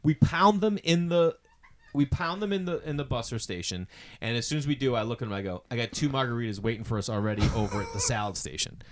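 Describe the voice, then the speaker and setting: A man telling a story in casual chat, acting out the people in it with sudden loud, swearing outbursts. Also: mid-range voice, quick pace, a little hiss or hum. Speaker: podcast co-host.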